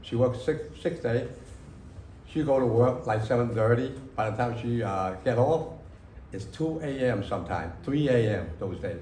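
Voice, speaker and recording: A man's voice: medium pitch, dark tone, slight background noise. Rambling man in his sixties, echoey room. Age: 60s. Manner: rambling, halting, with many fillers and broken grammar. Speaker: author at a book reading. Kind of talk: casual spoken memories to an audience. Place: library reading room.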